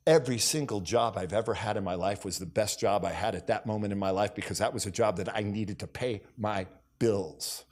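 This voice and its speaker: A middle-aged man speaking at a business summit, mid-range in pitch. He tells personal anecdotes in a storyteller's way, slipping into quick impressions of coworkers and his wife, and keeps returning to a catchphrase. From United States. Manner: storytelling, acts out dialogue, repeats catchphrases. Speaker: keynote speaker. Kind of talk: motivational keynote speech. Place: conference hall stage.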